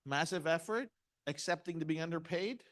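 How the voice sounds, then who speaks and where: A man's voice: a little high, moderate pace, fairly bright tone. Punchy motivational speaker, a man. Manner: punchy, asks the audience questions. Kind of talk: motivational seminar talk.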